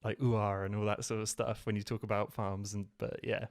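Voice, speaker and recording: A man's voice: fairly low pitch, little pitch movement, brisk. A man from southwest England with an English accent, chatting as a guest in a self-deprecating, rambling way. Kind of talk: casual video-call chat.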